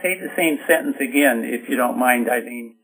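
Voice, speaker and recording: In a medium-pitched, slightly bright voice at a moderate pace, an author and communication-expert guest teaches through his interview answers. He talks in bottom lines and shows his points with examples, on a rough recording.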